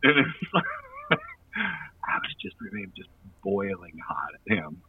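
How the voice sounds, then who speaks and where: A man's voice: low-pitched, very animated, a little slow, far from the mic, phone-quality sound, a little hiss or hum. A man who plays in a touring band telling a long, rambling anecdote in casual chat, laughing often and using lots of fillers.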